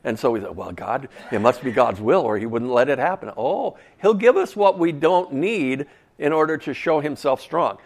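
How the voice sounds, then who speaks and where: A man's voice: fairly high pitch, animated, normal speed. A man preaching a sermon in a folksy, conversational way, full of casual asides.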